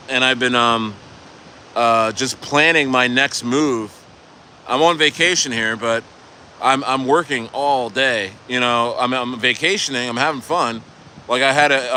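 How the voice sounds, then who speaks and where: A man rambles through a vacation story, tossing in "bro" and casual swearing as he restarts his sentences. His voice is bright and forward at a middling pitch. A faint hum sits under the recording. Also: unhurried. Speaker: crypto vlogger. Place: vacation condo.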